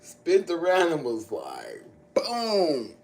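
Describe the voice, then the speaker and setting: Slow-talking woman chatting on a livestream. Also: extremely low pitch, low-quality recording. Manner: animated storytelling with frequent laughter. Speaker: livestream host. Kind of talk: casual livestream chat.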